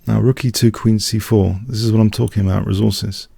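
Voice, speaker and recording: A man's voice: lowish voice, steady tone, fairly quick, gravelly, dark tone, slightly rough, dry recording. A man streaming live blitz chess, thinking aloud and muttering moves in short clipped phrases.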